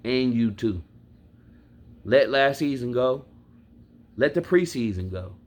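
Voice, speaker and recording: A man's voice: mid-range voice, expressive, slow pace, a little mellow. A man from Milwaukee venting about his football team, blunt and profane, speaking straight to his viewers. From Milwaukee, Wisconsin. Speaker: sports fan vlogger. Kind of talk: casual fan rant to camera.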